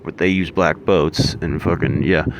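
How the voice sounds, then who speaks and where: A man's voice: rumbling low, fairly even intonation, moderate pace, background noise. A man in a rambling, profane, ranting monologue.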